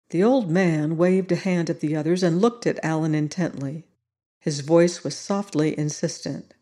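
A narrator reading a science fiction story aloud in a measured, steady way. The reading is even and unhurried. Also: medium pitch.

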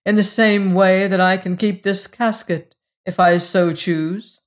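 Reader voicing a shrewd, sharp-tongued woman, crisp and contemptuous, audiobook reading. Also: mid-range voice, fairly even intonation, a little slow, lightly acted. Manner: crisp, scornful and firm.

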